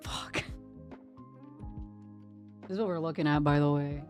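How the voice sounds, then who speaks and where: A woman's voice: low voice, steady tone, very fast, a little mellow, faint music behind. A young woman chatting casually while she draws, playfully reciting tongue twisters and laughing at her slips. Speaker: art streamer. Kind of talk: casual chat while drawing.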